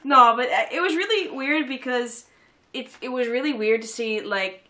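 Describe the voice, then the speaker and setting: A woman's voice: fairly high pitch, moderate pace. A woman chatting about a film, telling stories animatedly and acting out her coworkers. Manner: animated storytelling, acts out coworkers. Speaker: co-host. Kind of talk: casual film review chat.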